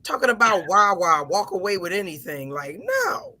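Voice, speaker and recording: A woman co-hosting a radio chat, blunt and joking. Her voice is husky yet bright and forceful, with a lively pitch. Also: moderate pace. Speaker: radio co-host.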